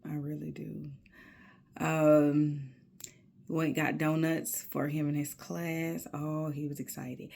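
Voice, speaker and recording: A woman talking to her camera in a personal video journal, slow and reflective, often dropping into soft near-whispered asides between casual fillers. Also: low voice, little pitch movement, creaky. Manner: casual, with many fillers and spiritual musing. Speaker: video diarist.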